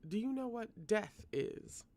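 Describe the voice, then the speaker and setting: A man voicing a cryptic, fervent old man who speaks slowly with a rasp. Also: on the high side, animated, dry recording. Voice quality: raspy, slow.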